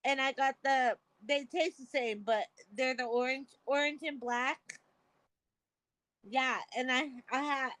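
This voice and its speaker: A woman's voice: high-pitched, steady tone, a little slow, a bit bright, dry recording. A middle-aged woman chatting on a video call, telling rambling stories with frequent laughter and casual swearing. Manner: rambling, laughing storyteller who swears freely. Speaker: guest caller on a live stream. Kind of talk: casual chat.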